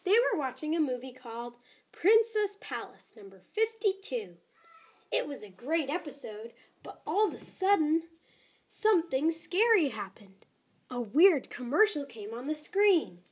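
A woman reads a children's story aloud, giving it plenty of animation. Her high voice swoops up and down with lively expression, and she shifts to softer, hushed tones for the suspenseful moments. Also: measured pace.

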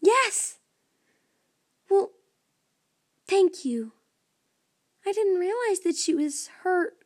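An eager young female cat astronaut chatters with high, bouncy excitement in a storybook, as a woman puts her on. Her pitch leaps around as she calls out. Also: extremely slow, full character voice. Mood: earnest. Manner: bright, excited. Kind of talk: storybook reading.

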